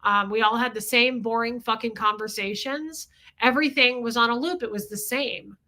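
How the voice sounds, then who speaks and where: A livestream host in her forties speaks at normal speed in a slightly high voice that sounds pushed and bright. She reads the chat and says hello to viewers, sharing candid confessions and swearing casually.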